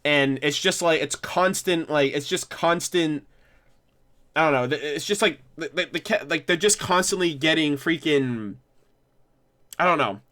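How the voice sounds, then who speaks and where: A man's voice: on the high side, unhurried, sharp tone. A man hosting a casual livestream discussion, rambling with many restarts and some swearing. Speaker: livestream host.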